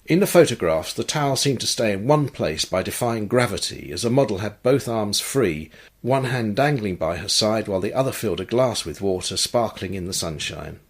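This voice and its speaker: A man narrating an audiobook story in a calm, measured manner. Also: fairly low pitch, breathy edge. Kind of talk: scripted narration.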